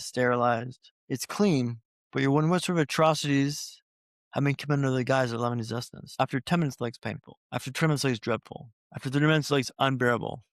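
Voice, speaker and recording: A man's voice: medium pitch, creaky, no echo, studio quality. A man telling his recovery story as a podcast guest, like a practiced speaker, with repeated phrases for rhythm and speaking straight to the host. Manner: addresses the host directly.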